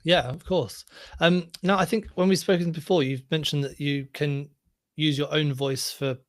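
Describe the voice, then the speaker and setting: A man's voice: on the high side, fairly even intonation, normal speed. A man interviewing a guest, asking casual questions and rephrasing as he goes.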